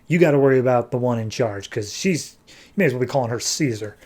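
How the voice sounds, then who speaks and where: A man's voice: medium pitch, expressive, quick pace, darkish tone, natural voice. A man voicing a cheerful, easygoing female vigilante who uses a wheelchair, with a chatty, rambling manner. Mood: friendly.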